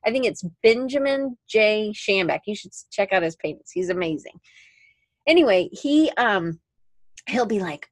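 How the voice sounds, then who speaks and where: A chatty woman co-hosting a podcast talks at a normal speed in a mid-range voice, with no echo. She meanders through the conversation, often stopping to correct what she just said.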